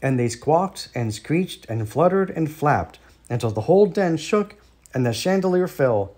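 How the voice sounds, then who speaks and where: A man's voice: fairly high pitch, expressive, a little slow, darkish tone. American man reading a children's story. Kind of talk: children's storybook read-aloud.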